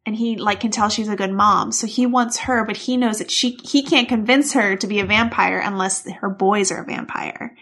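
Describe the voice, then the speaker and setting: A woman's voice: mid-range voice, normal speed, few pauses, fairly bright tone. A woman co-hosting a casual movie podcast, enthusiastic and laughing often. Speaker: podcast co-host.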